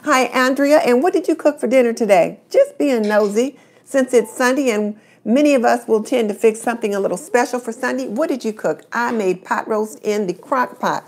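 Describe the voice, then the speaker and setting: A woman's voice: on the high side, moderate pace, a little mellow. A middle-aged woman hosting a casual live stream, chatting and greeting viewers by name.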